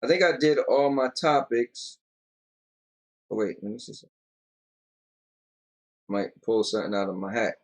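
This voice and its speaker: Yawning and worn out, this young podcast co-host speaks at a normal speed in a medium pitch, sounding animated and pausing often. He rambles loosely through a casual episode and reads viewer comments aloud.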